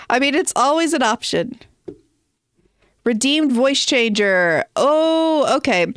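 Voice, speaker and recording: A woman's voice: sits high, lively intonation, slow, fairly bright tone, clean tone, no echo. A woman streamer chatting casually while playing, thinking aloud with hesitant ums. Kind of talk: casual gameplay stream chat.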